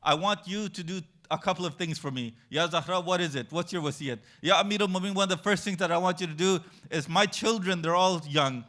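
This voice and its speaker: A man retelling a religious story at a mourning gathering in an emotional narrating style, growing louder toward the end. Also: high-pitched, fairly quick, few pauses. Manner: retells a tragic story, rising to loud cries.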